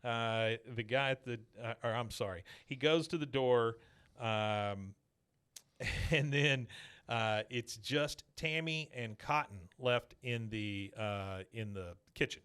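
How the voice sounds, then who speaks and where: A man's voice: mid-range voice, slow pace, fairly bright tone, clear, resonant tone. A man co-hosting a podcast, recapping a cartoon episode in casual chat, laughing often and acting out the characters' lines as he goes. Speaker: podcast co-host.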